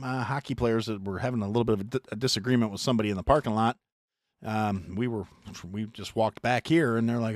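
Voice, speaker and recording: A middle-aged American man hosting a podcast, telling a long story in a profane, animated way with mock voices. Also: on the low side, fast, no room sound, studio quality. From United States. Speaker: podcast host. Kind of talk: casual storytelling chat.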